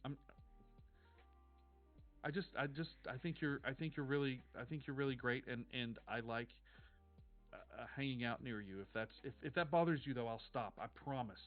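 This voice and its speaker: A man's voice: mid-range voice, normal speed, close to an everyday voice. A shy, anxious teenage girl who trips over her words and apologizes again and again, as a man puts her on in a tabletop game. The sound is thin and tinny like a phone line, with faint music underneath. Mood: flustered. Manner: stammering, flustered, over-apologizing.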